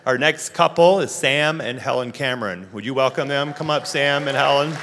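A man's voice: medium pitch, moderate pace, noisy background. A man leading a church service, upbeat and directing the congregation to welcome a couple and pray. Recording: long hall reverb.

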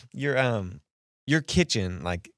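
A man's voice: medium pitch, extremely slow, no echo, clean studio sound. A man hosting a podcast, asking casual questions full of "like" and restarts. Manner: casual, filler-heavy, lively questioning. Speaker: podcast host. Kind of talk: conversational interview.

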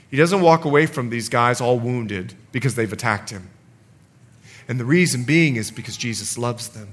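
A man preaching a sermon as pastor, animated and acting out scenes and quotes as he goes. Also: medium pitch.

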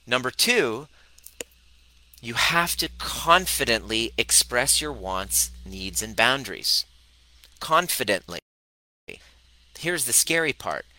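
A man coaching on relationships in a live stream, his voice very bright and tense. He is blunt, swears freely and acts out whole conversations. The sound is close and dry, with no room around it. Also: mid-range voice, slow pace, long pauses, no echo, low-quality recording. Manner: animated, acts out both sides of conversations.

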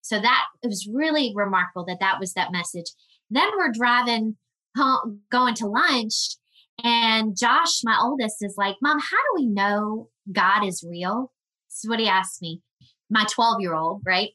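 A woman guest on a podcast, telling a personal story in an earnest, emotional way with halting restarts. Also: a little high, bright, forceful tone, low-quality recording.

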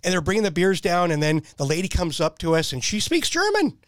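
Middle-aged male guest, fairly high voice, animated storyteller, dry close mic. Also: fairly quick, dry recording. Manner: animated storyteller, laughs often, jumps pitch when quoting people. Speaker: podcast guest. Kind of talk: casual storytelling chat.

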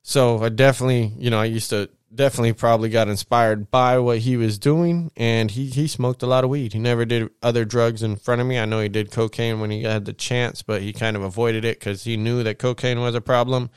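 American man, young, casual slangy rambling, cursing, very clear voice, dry close sound. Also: medium pitch, steady tone, fairly quick, few pauses, no echo. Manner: rambling, profane, slangy street talk. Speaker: vlogger. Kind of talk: casual monologue.

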